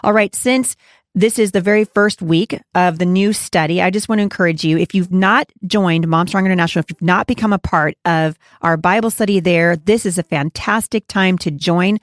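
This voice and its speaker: A woman leads a devotional Bible teaching in an earnest, heartfelt way. Her everyday voice sits a little low, and it climbs higher when she preaches. The recording is close and dry. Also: moderate pace, dry recording. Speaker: Bible study host.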